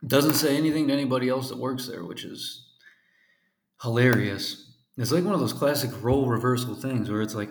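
A man's voice: medium pitch, gravelly. Laid-back, foul-mouthed man telling a story. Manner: profane, laid-back, laughs through the telling. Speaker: English teacher. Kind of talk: casual comedic storytelling. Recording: roomy echo.

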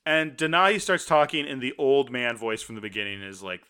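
A man chatting casually as a podcast co-host, his voice bright and forceful. He talks excitedly, acting out his own reactions as he retells a story. His delivery is lively and conversational. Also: mid-range voice, fairly quick, hardly any pauses, clean tone. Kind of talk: casual chat.

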